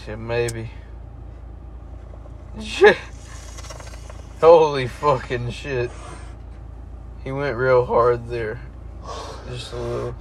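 A man co-hosting a podcast in casual chat from a parked car, with dry, profane, deadpan reactions. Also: medium pitch, slow pace, pauses often, a little hiss or hum. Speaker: podcast co-host.

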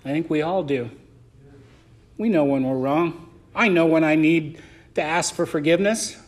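A man with a fairly high voice gives a sermon in church as the pastor. He moves between loud, drawn-out emphasis and quieter asides to his congregation.

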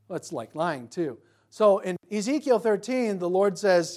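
A man preaching to his congregation in a chatty, rambling way, full of asides and restarts. When he quotes scripture, his voice swells into loud, emphatic declarations. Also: high voice, expressive, moderate pace. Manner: conversational, anecdotal preaching with frequent restarts and asides. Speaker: pastor. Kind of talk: sermon.

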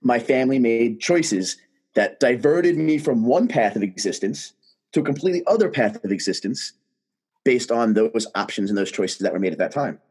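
A man, a guest telling his story in casual conversation, animated and emphatic. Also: mid-range voice, moderate pace, breathy edge.

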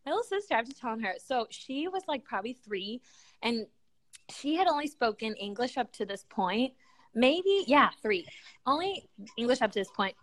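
A young woman chatting casually as a co-host, telling lively family stories and slipping in Spanish words. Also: on the high side, moderate pace, no room sound. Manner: animated storyteller, mixing in Spanish words. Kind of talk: casual chat.

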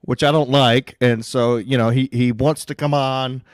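A man's voice: mid-range voice, fairly even intonation, normal speed, dry recording. Laid-back man, dry close sound. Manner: laid-back, swearing, laughs at his own stories. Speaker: podcast host. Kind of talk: casual chat.

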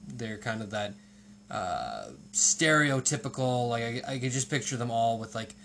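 A man's voice: mid-range voice, expressive, moderate pace, gravelly, a bit bright, a little hiss or hum. Rambling man chatting casually. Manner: rambling, digressive storytelling with many fillers. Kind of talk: casual conversational chat.

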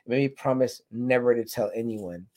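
A man's voice: medium pitch, normal speed. A man in his forties in casual chat, retelling a horror film with lots of swearing and fillers. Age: 40s. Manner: profane, animated storyteller with many fillers. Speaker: podcast co-host.

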